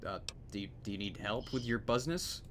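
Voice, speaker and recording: A man's voice: on the low side, a little fast, noisy background. A man streaming his own game mod, chatting casually and mocking himself as he plays. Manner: rambling, self-mocking, laughs at himself. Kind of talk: casual commentary over gameplay.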